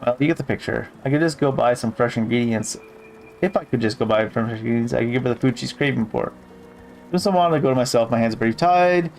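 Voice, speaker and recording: A man's voice: mid-range voice, fast, vocal fry, a little mellow, a little hiss or hum. A man giving casual gameplay commentary who reads game text aloud and swears offhandedly. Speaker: gamer.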